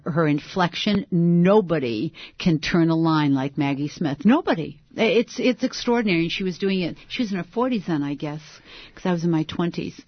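A woman's voice: deep voice, dry recording. Actress guest, woman, 60s, chatty and self-mocking, dry, dull-toned recording. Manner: lively, laughing, self-deprecating. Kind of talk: interview conversation.

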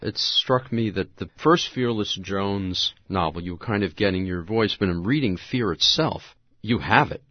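Low-voiced male interviewer. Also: normal speed, few pauses, no room sound, highs cut off. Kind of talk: interview conversation.

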